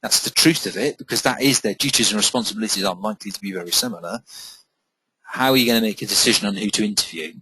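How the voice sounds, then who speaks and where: A man's voice: fairly low pitch, fast talker, pushed and bright, breathy edge, no room sound, rough recording. A man giving a career advice talk, plain-spoken and stressing key points. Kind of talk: webinar-style talk.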